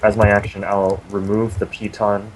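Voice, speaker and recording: Low-voiced man, dry teasing player. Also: completely flat delivery, moderate pace, a little hiss or hum, low-quality recording. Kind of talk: playing a tabletop game.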